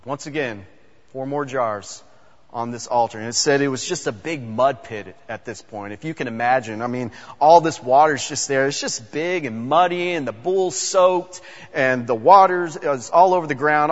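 A man's voice: medium pitch, normal speed. A man preaching in a casual, conversational way, retelling a Bible story with repeated words and fillers, recorded dull in a long-reverb hall.

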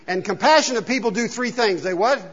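A man's voice: extremely high pitch, animated, fairly quick, a bit bright, breathy edge. A male pastor preaching a casual, joking sermon and asking the congregation questions, recorded in a church hall. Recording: dull sound with long hall reverb.

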